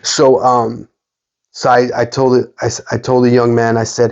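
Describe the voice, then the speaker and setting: A man casually retelling a personal story, animated and full of fillers and restarts. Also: mid-range voice, normal speed, highs cut off. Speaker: sports card collector and channel host.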